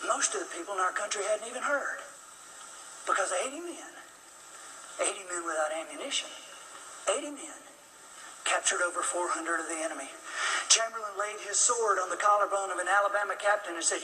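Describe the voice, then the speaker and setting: Animated storytelling man in echoey hall. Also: high voice, brisk, distant mic, slight background noise. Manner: dramatic, animated storyteller acting out quoted lines. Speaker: speaker. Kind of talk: storytelling speech. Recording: echoey hall, mic from afar.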